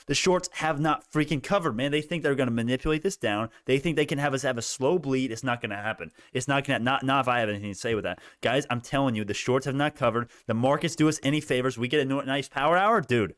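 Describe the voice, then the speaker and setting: A young man hosting a stock market livestream, talking straight to his chat viewers with lots of restarts and growing excitement. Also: medium pitch, fast talker, few pauses, smooth, dry recording, clean studio sound. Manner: animated, talks to chat viewers, many restarts, rising excitement. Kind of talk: excited live market commentary.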